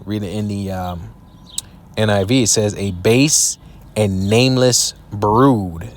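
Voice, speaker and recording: Profane, scornful preacher man. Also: lowish voice. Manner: profane, scornful, preachy; reads verses slowly. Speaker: online preacher. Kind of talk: scripture commentary reacting to a video.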